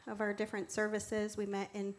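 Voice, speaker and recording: In a medium-pitched voice and at a fairly quick pace, a woman recounts her faith testimony as a church co-founder. She's earnest throughout, going from hushed reverence to lively warmth as she works through her slides.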